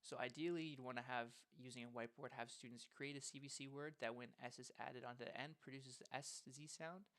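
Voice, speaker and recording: A man's voice: mid-range voice, steady tone, a little fast, hardly any pauses, fairly bright tone. A man presenting a phonics lesson plan in a casual, explanatory way, with frequent ums, over a screen recording.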